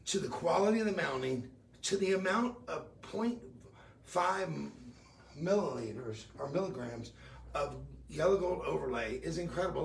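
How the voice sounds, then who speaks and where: Shopping host: middle-aged man, slightly high, gravelly voice, chatty upbeat sales patter, echoey studio with a distant mic. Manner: chatty, upbeat, tells personal stories. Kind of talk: live-stream jewelry sales pitch.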